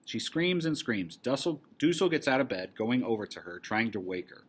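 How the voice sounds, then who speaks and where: Husky male teacher reading a play aloud. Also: medium pitch, moderate pace, few pauses. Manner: casual and encouraging, then steady narration.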